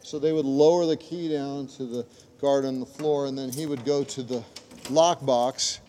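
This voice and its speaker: A man's voice: medium pitch, steady tone, moderate pace. Man giving a guided tour, noisy recording. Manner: explanatory, demonstrates mechanisms as he talks. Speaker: park ranger and tour guide. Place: prison cellhouse, indoors. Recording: noisy live field recording.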